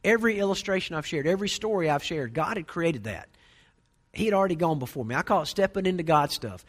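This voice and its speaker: Quick-talking male pastor preaching. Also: fairly high pitch, lively intonation. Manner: conversational preaching with storytelling asides. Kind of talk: sermon.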